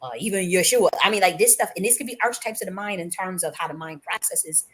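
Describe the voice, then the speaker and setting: A woman's voice: lowish voice, fast talker, a bit bright. A woman host talking off the cuff to her viewers, emphatic and profane, rambling with many restarts. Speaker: channel host. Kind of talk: unscripted spiritual monologue.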